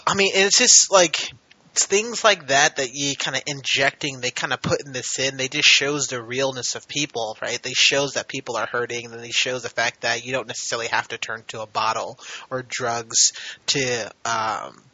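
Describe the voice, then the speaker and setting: A man co-hosting a podcast, chatting casually and getting animated when he retells scenes. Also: medium pitch, moderate pace, no room sound, muffled recording. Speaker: podcast co-host.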